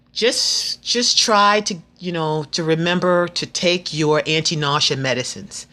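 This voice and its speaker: A woman's voice: low voice, fairly bright tone. A woman of fifty sharing frank, earnest advice in a casual vlog, chatty and faith-filled, often restarting her sentences. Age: 50s. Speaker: vlogger.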